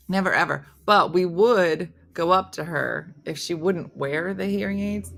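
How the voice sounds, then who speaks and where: Middle-aged woman host with a lowish, bright voice; chatty, animated, does voices in her stories. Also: moderate pace, creaky, hardly any pauses. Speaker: morning show host reading viewer comments. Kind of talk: casual chat with storytelling.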